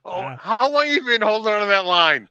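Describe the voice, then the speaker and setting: A man's voice: high-pitched, sing-song, normal speed, pushed and bright, lo-fi sound. A man co-hosting a podcast, teasing and questioning the others in casual banter. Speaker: podcast co-host.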